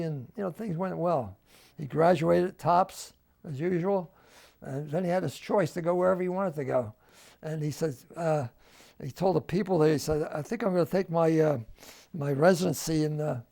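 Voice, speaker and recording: Older gravelly-voiced man telling family stories. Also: a little high, dark tone. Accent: New Jersey. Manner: storytelling, acts out quoted dialogue. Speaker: interviewee. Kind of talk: oral history interview. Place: home.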